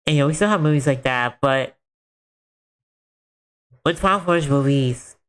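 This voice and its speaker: A man's voice: fairly high pitch, normal speed, fairly bright tone, smooth. Rambling young-sounding streamer guy. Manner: rambling, packed with "like" fillers. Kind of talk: casual chat while gaming.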